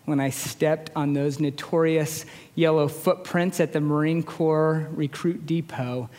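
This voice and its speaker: High-voiced guy in his 40s preaching a sermon, chatty and self-mocking, big echoey church hall. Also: fairly even intonation, unhurried, darkish tone. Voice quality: high-pitched voice. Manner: conversational, self-deprecating humor. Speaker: chaplain preaching. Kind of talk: storytelling sermon. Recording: long reverb of a large hall.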